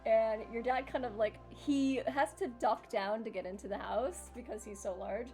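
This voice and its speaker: Giggly animated woman game master. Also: fairly high pitch, moderate pace, faint music behind. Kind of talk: narrating a tabletop game.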